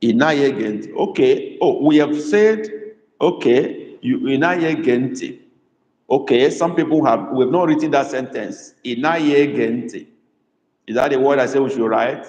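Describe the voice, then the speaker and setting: A man's voice: medium pitch, animated, darkish tone, muffled recording. Man tutoring in an echoey room. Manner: patient, repeats words slowly, calls on students by name. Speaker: language tutor. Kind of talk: live online class teaching. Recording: echoey room with long reverb.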